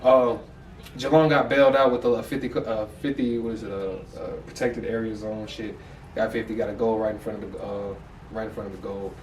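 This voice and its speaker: A man's voice: mid-range voice, a little mellow, slight background noise. An American man co-hosting a sports podcast, breaking down a game in candid, loose, profane chatter. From United States. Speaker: podcast co-host. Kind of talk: casual sports analysis chat. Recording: echoey room, mic far off.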